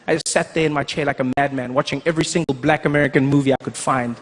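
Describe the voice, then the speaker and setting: A South African man telling a stand-up story in an animated way, slipping into put-on voices. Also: mid-range voice, racing. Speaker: stand-up comedian. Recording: clip with loud background noise.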